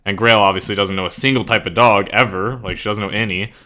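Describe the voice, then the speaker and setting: Bright-voiced young man, rambling chat. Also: fairly low pitch, steady tone, fast. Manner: rambling, full of "like" fillers; laughs often. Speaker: streamer and author. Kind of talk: casual chat.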